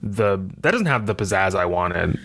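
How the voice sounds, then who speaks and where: A man's voice: low-pitched, lively intonation, moderate pace, a bit bright, a little hiss or hum. A man co-hosting a podcast, chatting casually about a movie with a campy, playful manner and dramatic asides. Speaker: podcast co-host. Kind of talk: casual movie recap chat.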